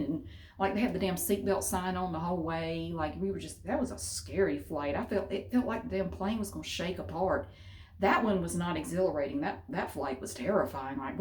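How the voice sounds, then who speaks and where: A middle-aged woman chats through a personal story. Her voice sits on the low side and she talks freely, with a little cussing here and there. The room adds a noticeable echo. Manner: chatty, animated, laughing asides, mild cussing. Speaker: vlogger. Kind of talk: casual storytelling. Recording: roomy echo.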